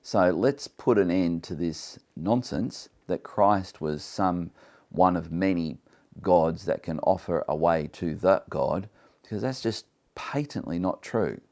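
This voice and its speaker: A Bible teacher with a very low, deep, darkish voice leads a study at a slow pace. Earnest and emphatic, he reads scripture aloud and then explains it in his own words, sometimes stumbling and starting over as he presses a point.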